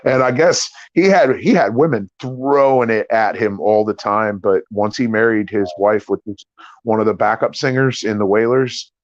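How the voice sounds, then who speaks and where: A man's voice: on the low side, normal speed, dry recording. A middle-aged American man hosting a livestream, chatting in a loose, profane, rambling way. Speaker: livestream host. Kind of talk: casual chat. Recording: dull lo-fi stream audio.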